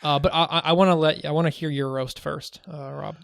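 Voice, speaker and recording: A man with a fairly high voice co-hosts a casual podcast, talking in a chatty, joking way and laughing easily. The sound is dry and close, with no room echo. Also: fairly even intonation, a little fast, creaky, fairly bright tone. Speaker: podcast co-host.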